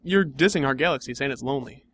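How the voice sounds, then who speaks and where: A man's voice: medium pitch, fast, fairly bright tone, slightly rough. A young man in improvised comedy banter, dry, skeptical and argumentative.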